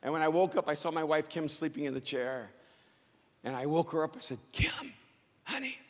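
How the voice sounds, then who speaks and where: A man giving a motivational speech to a live audience, loud and emphatic, often near a shout, with slow dramatic phrasing. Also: on the high side, fairly even intonation, in a large hall. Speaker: motivational speaker.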